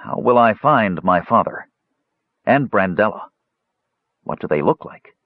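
A cautious half-elf asks wary, searching questions, as a man reads his part. The voice is husky with lively pitch. The recording is muffled and dull. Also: a little slow, no room sound.

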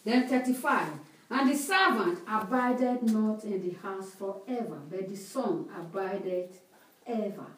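A woman preaching a sermon with an interpreter, speaking slowly and emphatically and repeating phrases. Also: mid-range voice. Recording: echoey hall, distant mic.

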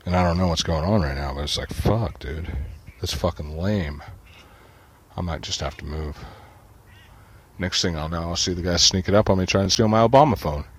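Man, very low voice, agitated, swearing nonstop, muttering rant. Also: moderate pace, slightly rough, dry recording. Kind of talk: profane ranting monologue.

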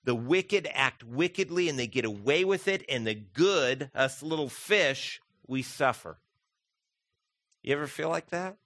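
A man's voice: medium pitch, lively intonation, a little slow, a bit bright, no room sound. A man preaching a conversational sermon as pastor, often asking his listeners direct questions. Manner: conversational, asks the congregation questions.

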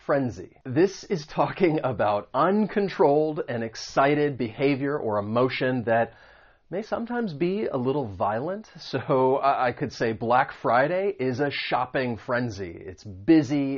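A man's voice: medium pitch, highs cut off. A man teaching English vocabulary, explaining meanings and pronunciation patiently with spoken examples. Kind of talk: vocabulary lesson.

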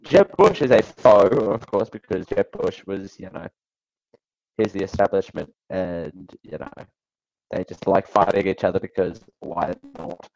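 Man, radio host, gravelly voice, sarcastic commentary, dry muffled recording. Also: sits low, a little slow, darkish tone, no room sound. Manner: wry, sarcastic asides with chuckles. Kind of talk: casual political commentary.

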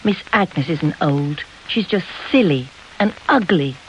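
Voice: mid-range voice, expressive, takes it slowly, slight background noise. A reader voicing a bold, cheeky young girl who speaks bluntly and scornfully, in a slightly dull lo-fi recording.

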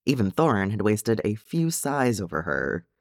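A man reading a fan fiction story aloud with expressive narration. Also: lowish voice, normal speed, gravelly, no echo, studio quality. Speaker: reader.

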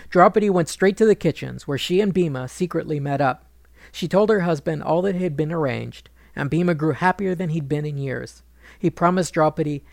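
A man narrating a retelling of an ancient epic in a measured, wry manner. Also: a little high, creaky, a little mellow, no room sound, clean studio sound. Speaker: storyteller.

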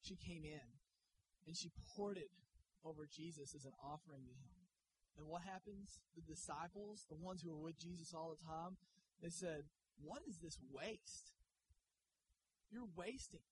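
A man preaching a sermon in a church, joking and energetic. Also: a little high, moderate pace, slight background noise, rough recording. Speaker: guest pastor. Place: church sanctuary.

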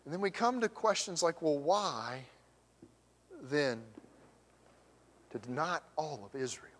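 A man preaching a sermon as pastor, swinging from emphatic raised questions to hushed near-whispers. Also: on the high side, slow pace. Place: church sanctuary. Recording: long church hall reverb.

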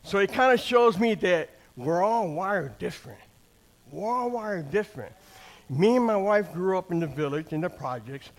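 The older preacher's voice is high-pitched and expressive, moving at a moderate pace as he shares his testimony conversationally. He speaks plainly, often restarting phrases, and keeps prompting the crowd with "amen?" and "right?"

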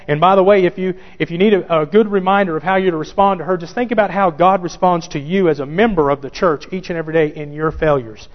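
A man's voice: high voice, quick pace, few pauses. A pastor preaching a sermon who repeats key phrases for emphasis and addresses his listeners directly. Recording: dull church recording with long reverb.

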